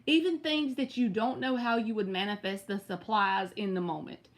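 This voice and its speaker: A woman's voice: mid-range voice, fairly even intonation, normal speed. A woman with a Southern US accent giving live tarot readings, chatty and direct, answering viewers by name. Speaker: tarot reader.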